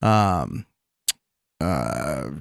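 A man's voice: extremely low pitch, sing-song, extremely slow, vocal fry, no room sound. A man co-hosting a podcast in casual chat, rambling and hesitant, often restarting his sentences. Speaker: podcast co-host.

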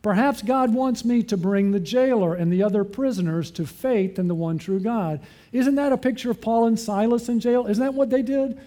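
A man's voice: very high voice, moderate pace, mellow. A man preaching a sermon, often putting questions to his listeners and answering them himself.

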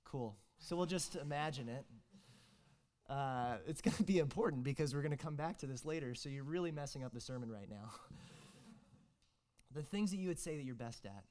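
A man's voice: medium pitch, fairly quick, a little mellow. A young man, preaching a casual, joking sermon as a guest preacher, full of fillers and restarts.

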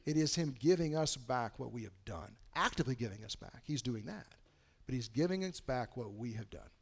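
A man preaching a sermon in a conversational way, dropping to a hush and then rising to loud, emphatic bursts. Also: mid-range voice, expressive, a little fast, gravelly, slightly rough. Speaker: pastor.

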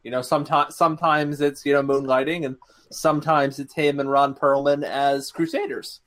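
A man's voice: mid-range voice, level tone, moderate pace, a bit bright. A man co-hosting a casual movie podcast, making dry, wry remarks. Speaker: podcast co-host. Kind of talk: casual movie-review chat.

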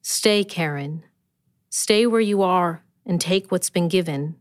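A woman reading the part of a husband's calm ghostly voice, slow, quiet and soothing. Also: on the low side, dry recording, clean studio sound. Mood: warning.

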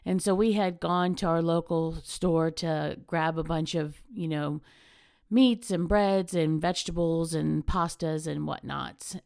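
A woman's voice: on the low side, creaky, clean tone, dry recording, clean studio sound. A middle-aged woman, hosting a casual motivational monologue as a chatty, candid, self-mocking storyteller. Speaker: podcast host.

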